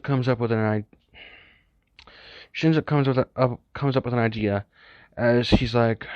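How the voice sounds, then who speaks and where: A man's voice: mid-range voice, steady tone, moderate pace, long pauses, darkish tone, smooth, dry recording. Man rambling through an improvised story. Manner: rambling, self-correcting storytelling with many asides. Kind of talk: casual improvised fan-story narration. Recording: dull, lo-fi, dry recording.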